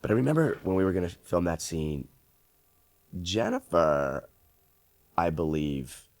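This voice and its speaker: Actor guy telling set stories, low voice, does everybody's lines. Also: a little slow, no room sound. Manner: animated storyteller, acts out quotes. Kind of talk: recalled film anecdotes.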